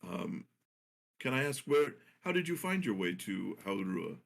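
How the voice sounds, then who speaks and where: A man voicing a courteous, curious older male wizard who speaks in formal, halting phrases. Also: mid-range voice, very animated, vocal fry, fairly bright tone, exaggerated voice. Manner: polite, formal phrasing with hesitations.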